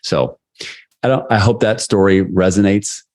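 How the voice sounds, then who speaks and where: Low-voiced middle-aged guy telling candid stories on a podcast, lots of restarts. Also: unhurried. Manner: candid, animated storyteller with many restarts. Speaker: guest, sales leadership coach. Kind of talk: storytelling interview answers.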